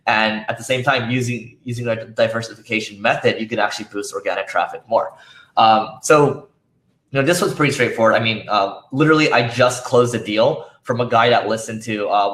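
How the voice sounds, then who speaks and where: Guy giving a talk at a conference, kinda hoarse, lots of um and right, echoey room. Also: mid-range voice, fairly bright tone. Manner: casual, lots of fillers and restarts. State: losing his voice. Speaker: conference speaker. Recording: roomy echo.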